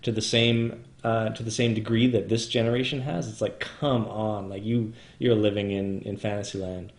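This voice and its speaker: A man's voice: fairly low pitch, level tone, normal speed. Ranting young man, roomy echo. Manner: ranting, swearing, mocking software prompts. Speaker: co-host. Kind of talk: casual chat on a livestream.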